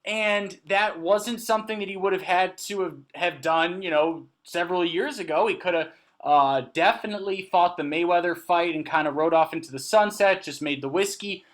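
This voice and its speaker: High-voiced man cracking jokes on a podcast. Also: normal speed, hardly any pauses. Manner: joking, teasing banter. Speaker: podcast co-host. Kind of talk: casual chat.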